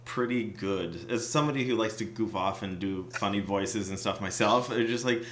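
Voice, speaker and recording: Low-voiced man co-hosting in a roomy space. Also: a bit bright, a little hiss or hum. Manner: jokey, halting with restarts. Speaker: podcast co-host. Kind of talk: casual chat.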